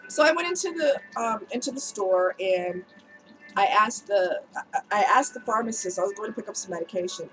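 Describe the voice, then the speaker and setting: A woman's voice: medium pitch, fairly bright tone, rough recording. A woman vlogger with a cold, telling a personal story to her viewers in a candid, emotional, chatty way. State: has a cold, voice slightly strained.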